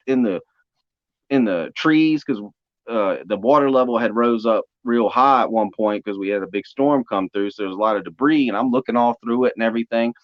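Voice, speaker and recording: A young man telling a spiritual testimony story, animated and acting out the voices he quotes. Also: medium pitch, no room sound. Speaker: speaker giving testimony. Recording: dry, dull lo-fi audio.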